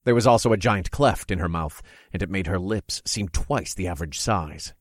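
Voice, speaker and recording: A man narrating a dark first-person story in a measured, dramatic reading. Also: low voice, dry recording, studio quality.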